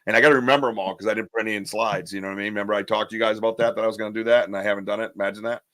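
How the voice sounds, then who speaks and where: A man's voice: lowish voice, fairly even intonation, racing, fairly bright tone, dry recording. A man hosting a live podcast, chatting loosely, joking and rambling in slang. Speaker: podcast host. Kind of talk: casual live-stream chat.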